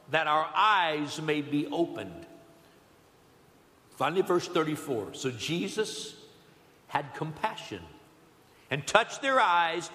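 A man preaching a sermon in a church, building to loud emphatic calls and dropping to soft low asides. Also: roomy sound, big-room sound. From Southern California. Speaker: pastor. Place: church building on a Sunday morning.

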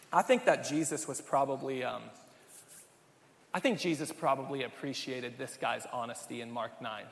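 A man's voice: medium pitch, big-room sound. A man pastor preaching a sermon in a conversational way, often asking the congregation questions.

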